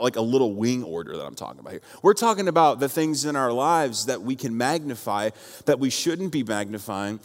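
A male pastor delivers a sermon with a mid-range voice. He tells stories casually and acts out the voices in a quarrel. His voice rings with a long hall reverb. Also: medium pitch. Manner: storytelling, acts out both sides of a quarrel.

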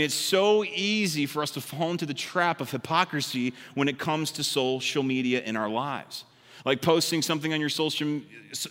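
A man delivering an animated sermon, his voice sitting a little high and carrying a long reverb as if he is in a large sanctuary. He swings between lively delivery and a hushed, intense tone to drive his points home. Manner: animated preaching, mimics hypocrites in high voice; drops to quiet, intense tone for emphasis. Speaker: pastor.

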